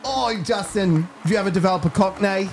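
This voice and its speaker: A man's voice: sits high, a little fast, faint music behind. A man hosting a talk show, playful and joking in casual chat. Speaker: show host.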